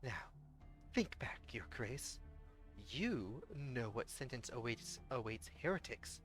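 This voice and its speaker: A streamer playing a slow, taunting vengeful witch. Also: medium pitch, expressive, soft background music. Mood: cruel. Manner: slow, taunting and theatrical, dropping to a menacing hush. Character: cruel vengeful mocking young witch woman. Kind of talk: live-streamed game story reading.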